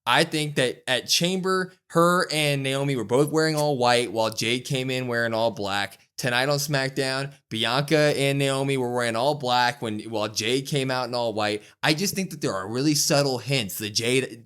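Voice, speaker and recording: A man co-hosting a podcast, excitedly recapping a wrestling show in casual chat and acting out the quotes. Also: mid-range voice, clear, resonant tone. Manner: excited, acts out quotes with raised voice.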